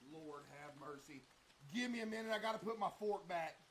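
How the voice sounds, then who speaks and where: A man's voice: sits high, animated, a little fast, a bit bright, slight background noise, low-quality recording. A young man livestreaming in casual chat, joking and bragging in loose slang.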